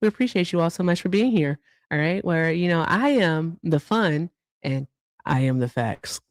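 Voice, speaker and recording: A woman's voice: fairly low pitch, expressive, moderate pace, dry recording. Chatty woman, dry close sound. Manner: chatty, reading viewer thank-yous with asides. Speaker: livestream co-host. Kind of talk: casual livestream chat.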